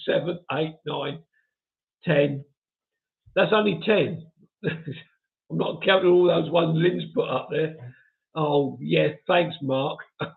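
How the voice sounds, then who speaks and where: A man's voice: a little high, creaky. A man hosting a live stream, reading viewer comments aloud in a chatty, self-mocking way and chuckling often. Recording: tinny phone-like audio.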